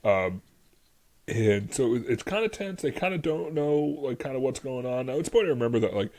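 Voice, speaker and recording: A man's voice: mid-range voice, animated, fairly quick, darkish tone. Rambling, laughing male podcast co-host. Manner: rambling, lots of "like", laughs often. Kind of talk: casual history chat.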